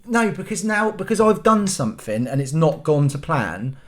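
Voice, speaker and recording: A man's voice: on the high side, big pitch swings, normal speed. A man hosting his own channel, ranting to the camera about everyday annoyances in an exasperated, self-mocking way. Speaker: host. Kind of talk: casual rant to camera.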